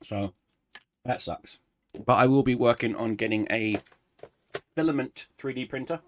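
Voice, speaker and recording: A man chatting casually through a life update for his gaming channel, rambling and relaxed, pausing to snack. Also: mid-range voice, slight background noise. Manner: rambling, relaxed, eating snacks while talking. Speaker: gaming YouTuber.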